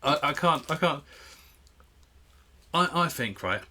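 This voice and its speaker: A man's voice: a little high, lively intonation, slow, pushed and bright. A man co-hosting a casual podcast, joking and self-mocking, talking into a studio mic with a pop guard. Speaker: podcast co-host. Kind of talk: casual banter. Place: UK home studio.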